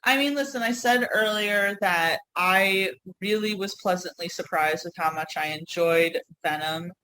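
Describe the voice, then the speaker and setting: New york lady cohosting a podcast, kinda low voice, rambles and laughs a lot. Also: measured pace, bright, forceful tone, poor audio. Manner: rambling storyteller, laughs often, apologetic asides. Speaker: co-host. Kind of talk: casual podcast chat.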